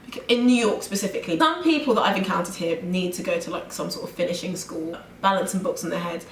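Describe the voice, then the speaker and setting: A young British woman in a casual vlog rant, talking fast and chatty, peppering her talk with "like" and mimicking others. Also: on the low side, a little hiss or hum. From Britain. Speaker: vlogger. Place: room in New York. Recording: echoey room, faint ambience.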